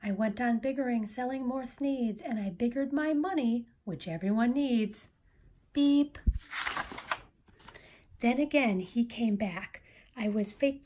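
A woman reads a rhyming picture book aloud, riding its rhythm. Her voice sits fairly high and has a soft, breathy edge. The delivery stays steady and storybook-like. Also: slow pace. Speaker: reader.

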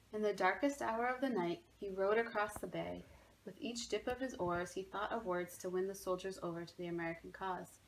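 A woman's voice: medium pitch, brisk, slight background noise, poor audio. A woman, a museum education manager, reading a children's story aloud expressively from her home.

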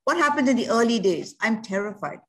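A woman's voice: on the high side, big pitch swings, brisk. A woman counselor explaining adoption in a talk show, earnest and reassuring, with many rhetorical questions.

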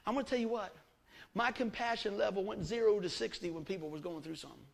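High-voiced folksy preaching pastor. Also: male voice, quick pace, vocal fry. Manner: folksy, emphatic preaching with rhetorical questions. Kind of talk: sermon.

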